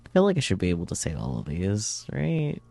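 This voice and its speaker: Playful male streamer, low-pitched, dry close sound, casual reads. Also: wildly swooping pitch, a little fast, creaky, dark tone, dry recording. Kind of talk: reading game text aloud and joking.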